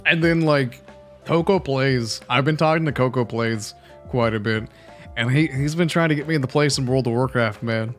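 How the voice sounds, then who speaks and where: A man's voice: mid-range voice, normal speed, soft background music. A man livestreaming a game, chatting loosely and cursing as he plays. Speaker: gaming livestreamer. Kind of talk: casual chat over gameplay.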